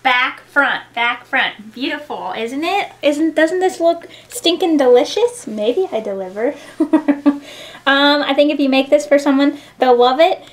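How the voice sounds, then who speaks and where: A woman's voice: sits high, lively intonation, unhurried. A young woman hosting a home cooking video in her kitchen, chatting casually and giggling as she talks viewers through a recipe. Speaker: cooking show host.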